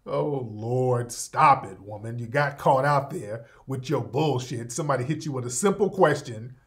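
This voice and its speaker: A man's voice: mid-range voice, moderate pace. A man hosting a talk show, giving sarcastic, mocking commentary in an exasperated tone. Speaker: host.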